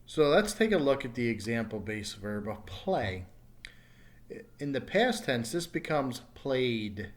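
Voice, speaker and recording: A man teaching English pronunciation to learners at an unhurried pace. He leans on each sound and repeats words so students can follow, and his voice sits at an ordinary middle pitch. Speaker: ESL teacher. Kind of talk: recorded pronunciation lesson.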